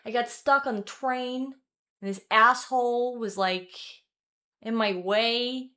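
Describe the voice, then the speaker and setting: A woman voicing a flustered, late woman commuter in a put-on British accent, loud and exasperated. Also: fairly high pitch, takes it slowly.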